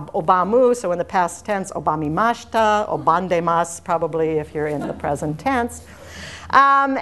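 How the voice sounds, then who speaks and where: A woman's voice: medium pitch, a bit bright. Female lecturer, mid-range voice, rambling anecdotal academic talk to a room. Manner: discursive, anecdotal and digressive. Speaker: university lecturer.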